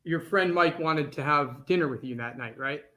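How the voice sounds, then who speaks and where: A man's voice: fairly high pitch, moderate pace, bright, forceful tone. A man examining a witness in court, asking short, direct questions. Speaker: trial attorney questioning a witness.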